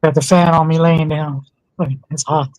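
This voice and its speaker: A man's voice: on the high side, flat delivery, moderate pace, a little mellow, no room sound, low-quality recording. A laid-back man chatting casually on a live stream, swearing offhandedly.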